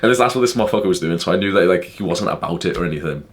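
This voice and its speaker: A man's voice: sits low, very fast, slight background noise. A young man telling a story to camera in a casual, profane way, full of "like" fillers. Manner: profane, heavy use of "like" fillers, animated retelling. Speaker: vlogger.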